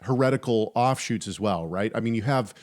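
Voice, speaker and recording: A man's voice: lowish voice, a little fast, a little mellow. A man hosting a podcast, discussing theology casually with frequent restarts and wry humor. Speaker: podcast host.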